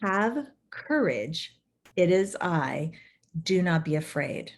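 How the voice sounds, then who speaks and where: A calm male teacher who speaks softly and slowly, as a woman puts him on during a Bible retelling. His words come out steady and reassuring. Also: lowish voice, exaggerated voice.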